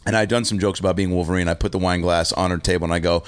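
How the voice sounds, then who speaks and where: A man with a fairly low voice tells a rowdy road story in easygoing podcast chat. He swears freely and jumps into loud, high impressions of the people he quotes. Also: fairly even intonation, very fast, smooth. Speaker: stand-up comedian.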